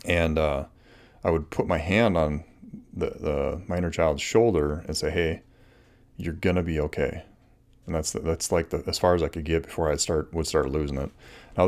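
A man's voice: extremely low pitch, darkish tone. A middle-aged man hosting a solo advice podcast, talking earnestly and casually with many restarts and fillers. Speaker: podcast host.

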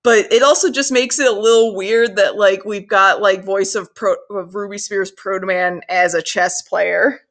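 A woman co-hosting a podcast, chatting casually about an episode, animated and swearing freely. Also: medium pitch, moderate pace, few pauses. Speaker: podcast co-host. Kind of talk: casual recap chat.

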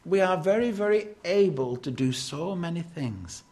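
An older man preaching a sermon, emphatic, swinging between loud declarations and hushed lines. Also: a little high, animated, moderate pace.

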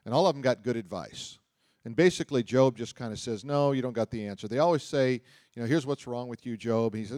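A man's voice: medium pitch, fairly quick, a little mellow, no echo. Conversational male preacher, dry sound. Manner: conversational, asks the audience questions; reads scripture aloud, then explains it. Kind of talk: sermon, Bible teaching.

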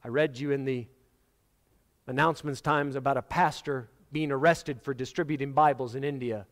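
A man's voice: mid-range voice, steady tone, normal speed. Man preaching in an echoing hall. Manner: dramatic storytelling, acting out quoted voices. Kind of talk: sermon. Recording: long hall reverb.

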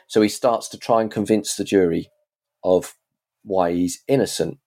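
A man's voice: lowish voice, moderate pace, a little mellow. A man in casual chat, reviewing TV series in a rambling, chatty way with frequent restarts.

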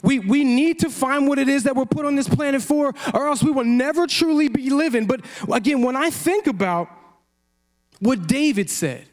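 A high-voiced man preaching a sermon. He is animated and lively, slipping into acted-out quotes and laughing along the way. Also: moderate pace. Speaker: pastor.

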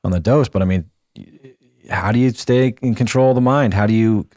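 A man hosts a morning radio talk show in the studio, his voice on the low side. He jokes along in short punchy bits. The sound is dry and close on the mic. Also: fairly quick, darkish tone, dry recording. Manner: upbeat, jokey, talks in short punchy bits. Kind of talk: casual morning radio chat.

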